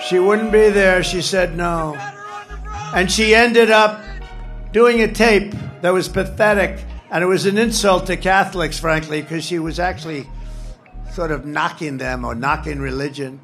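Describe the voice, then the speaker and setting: A man's voice: sits high, measured pace, fairly bright tone, faint music behind. A man giving a campaign rally speech from a stage, rambling off the cuff and repeating phrases for emphasis. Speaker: political candidate speaking at a rally.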